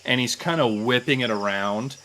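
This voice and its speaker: A man narrating a tabletop game as game master, casual and halting, with frequent fillers. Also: mid-range voice, sharp tone, a little hiss or hum.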